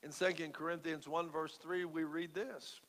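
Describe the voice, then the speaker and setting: A man's voice: fairly high pitch, level tone, normal speed, fairly bright tone. A man preaching a sermon in an earnest, emphatic way, stressing key words. The recording has a long hall reverb. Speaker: pastor.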